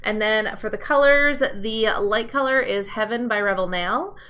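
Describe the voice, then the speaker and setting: Upbeat woman host of a live nail stream, bright forward tone, friendly chatter. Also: medium pitch, moderate pace, clean tone. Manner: upbeat, chatty, greets viewers by name. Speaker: nail tutorial livestream host. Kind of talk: casual live-stream chat and tutorial.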